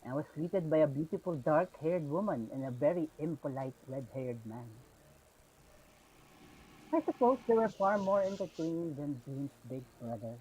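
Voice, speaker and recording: A taunting villain with a sneering, mock-polite manner and a slightly raised pitch, as a game master puts him on. The voice sits just above an everyday man's register. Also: animated, normal speed, darkish tone, a little hiss or hum, lightly acted, low-quality recording.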